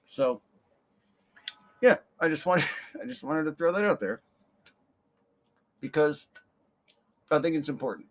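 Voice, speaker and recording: A young man rambles through a storytelling monologue on his podcast. His voice sits somewhat high, and his speech is casual and full of swearing. He restarts and repeats words as he works his thoughts out. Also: expressive, a little slow, pauses often, slight background noise. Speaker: podcast host.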